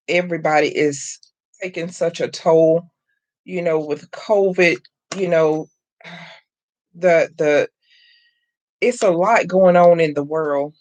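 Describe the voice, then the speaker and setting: A middle-aged woman hosts a live crafting stream, talking slowly and easily to her viewers. Her voice sits a bit low. She chats casually and calls everyone y'all. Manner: chatty, addresses viewers as y'all, greets chat by name. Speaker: craft channel host.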